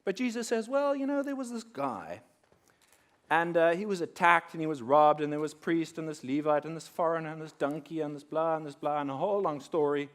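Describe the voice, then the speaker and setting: A young adult man speaking to a room of listeners, his voice sitting a little higher than most men's. He tells a comic story with lively energy, dropping to a hush and then jumping up loud to play the people in it. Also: fairly quick. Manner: animated, acting out quoted characters with big swings in loudness. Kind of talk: lively storytelling talk to an audience. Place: conference room.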